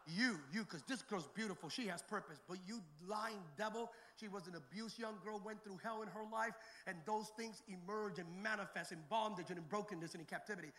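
Male pastor, very high voice, forceful, emphatic sermon delivery, jokey asides. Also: fairly quick, slight background noise. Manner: emphatic preacher, rising to shouted calls. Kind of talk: live sermon with storytelling.

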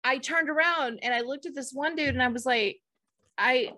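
A woman with a fairly high voice tells stories in an animated, blunt way, with some casual swearing. She is co-hosting a relaxed conversation. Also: fairly quick. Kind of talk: casual chat, personal storytelling.

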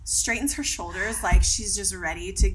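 A woman guest on a podcast, telling stories in an animated way and laughing often. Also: mid-range voice, moderate pace, husky. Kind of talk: casual podcast chat.

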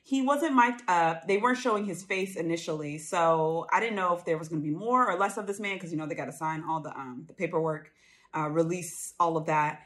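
A woman's voice: on the low side, brisk, a bit bright. A woman co-hosting a podcast, gossiping playfully about reality TV with frequent exclamations. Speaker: podcast co-host. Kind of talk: casual reality-TV recap chat.

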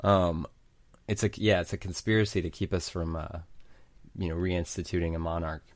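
A man co-hosting a podcast who makes deadpan jokes and trails off quietly in casual chat. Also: low-pitched, normal speed, dry recording. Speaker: podcast co-host.

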